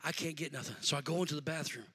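Bright, high-voiced preaching man. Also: very fast, breathy edge. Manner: storytelling, swings from quiet to shouting. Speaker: pastor. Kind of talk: sermon.

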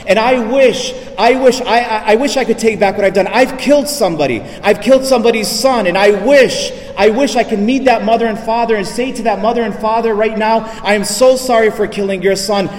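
A man's voice: high voice, far from the mic, voice pushed up, natural voice. A man voicing a remorseful male prisoner who confesses through tears, stammering and pleading. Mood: tearful, pleading. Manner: halting, stammering pleas. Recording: echoey hall reverb.

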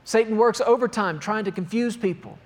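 A man's voice: sits high, fairly quick. A man preaching a sermon, reading scripture aloud and driving points home with emphatic repetition. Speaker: pastor.

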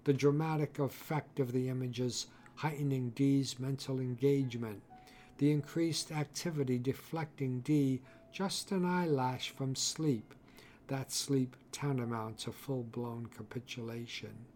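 A man narrating a literary novel in a measured, deliberate way. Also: medium pitch, steady tone, darkish tone, a little hiss or hum. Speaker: audiobook narrator.

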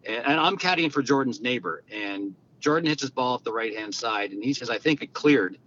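A man, a guest telling stories in an animated, conversational way and acting out the quoted lines. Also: fairly quick. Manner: animated, acts out quoted dialogue. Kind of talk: conversational storytelling. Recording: dull lo-fi sound with faint rumble.

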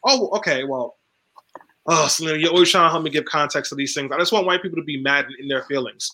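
A man with a somewhat high, bright voice sitting on a panel. He is sarcastic and provocative, firing off short punchy lines. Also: quick pace, low-quality recording. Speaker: panel guest. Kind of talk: casual panel discussion.

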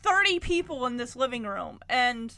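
A woman chatting through a casual reaction commentary, laughing often and acting out quotes in quick voices. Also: a little high, very animated, bright, forceful tone. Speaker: reaction video host.

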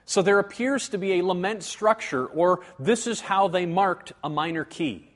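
A man giving a teaching sermon in an earnest way, slowing and dropping low to stress a point.

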